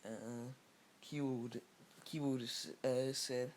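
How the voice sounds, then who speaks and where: A man's voice: medium pitch, fairly even intonation, moderate pace, slight background noise. A man casually improvising a fan-fiction story aloud, rambling with many restarts and fillers.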